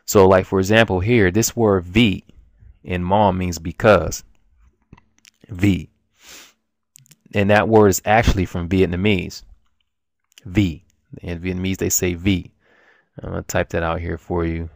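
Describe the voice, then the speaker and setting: A man's voice: sits low, flat delivery, normal speed, vocal fry, dry recording, studio quality. A man giving a casual, rambling language lesson at his computer, full of restarts and fillers. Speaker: language teacher.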